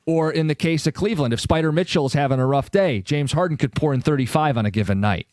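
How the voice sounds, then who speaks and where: Opinionated sports radio host, dry studio sound. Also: male voice, fairly high pitch, fast, darkish tone, no room sound. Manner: opinionated, wry, sarcastic asides. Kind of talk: sports talk radio banter. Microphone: studio microphone.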